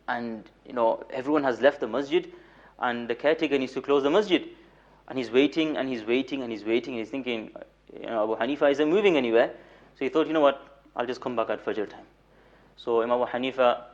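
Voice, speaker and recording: A young man lecturing in a mosque as a moulana, telling stories with light humor, repeating words for emphasis and reciting Arabic rapidly. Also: medium pitch. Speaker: moulana giving a weekly lecture. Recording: dull lo-fi recording.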